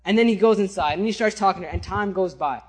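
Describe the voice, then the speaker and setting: Man, preacher, sermon storytelling, high-pitched, husky, conversational. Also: fast talker. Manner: animated, conversational, checks in with listeners.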